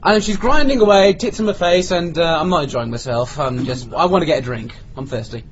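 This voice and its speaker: A man's voice: on the high side, a little fast, a crowd in the background. A man telling a comic anecdote in a casual podcast chat, acting out the lines of the people in it. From Britain. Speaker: podcast co-host. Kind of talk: casual storytelling among friends. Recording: lo-fi podcast with faint noise.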